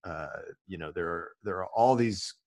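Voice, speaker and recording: A man who works as a commercial producer and voice-over artist, explaining his work in a relaxed, casual interview. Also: low-pitched, moderate pace, no echo. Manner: relaxed, explanatory, many restarts.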